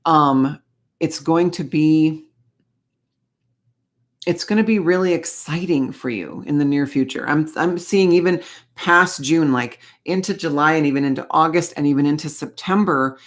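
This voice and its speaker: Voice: medium pitch, normal speed. A tarot and oracle card reader giving a casual spiritual reading, chatty and gushing, full of fillers and little asides.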